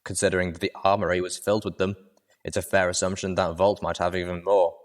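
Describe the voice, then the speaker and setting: A man voicing a smug, calm male pony boss. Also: sits low, fast talker, close to an everyday voice.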